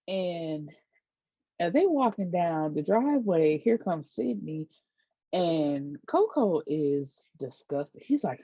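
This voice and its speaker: A chatty, sassy woman retells a TV story in a casual vlog, slipping into slangy quotes. Her voice sits low and dark. The recording is dry and a little dull. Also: expressive, takes it slowly, breathy edge, no room sound. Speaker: book and TV recap vlogger.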